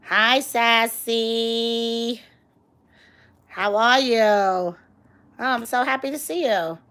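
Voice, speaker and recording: New york mom chatting to viewers on her phone live, bright tone, takes her time. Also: a little high, drawn-out words. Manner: gushing, reads viewer comments aloud. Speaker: livestream host. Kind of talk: casual livestream chat.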